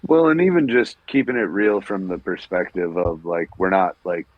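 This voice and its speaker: A man's voice: sits low, big pitch swings, moderate pace, no echo. A man co-hosting a podcast, talking candidly in casual chat, often restarting and repeating words. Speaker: podcast co-host. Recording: dull lo-fi sound.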